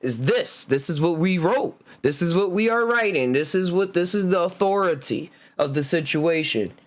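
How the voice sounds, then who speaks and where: A man hosting a podcast, reading out word origins slowly in a laid-back way and laughing often. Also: high voice, animated. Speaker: podcast host. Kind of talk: casual solo chat reading etymology.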